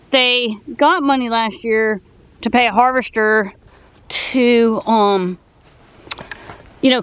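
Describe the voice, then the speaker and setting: Out of breath, a woman walks beside a pond at a wildlife refuge, chatting into a handheld camera as a nature vlogger and rambling while correcting herself. Her voice sits on the high side, a bit bright, clear and resonant. The recording is rough.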